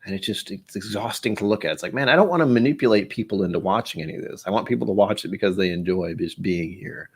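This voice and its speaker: A man's voice: fairly low pitch, quick pace, hardly any pauses, slightly rough. A man hosting a casual whiskey-tasting livestream, rambling and self-deprecating as he thinks aloud. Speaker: whiskey channel host.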